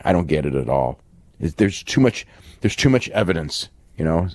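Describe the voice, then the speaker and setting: A man co-hosting a podcast, chatting casually about a wrestling show in a rambling, halting way with many fillers and restarts. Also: deep voice, very animated, no room sound. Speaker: podcast co-host. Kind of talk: casual wrestling recap chat.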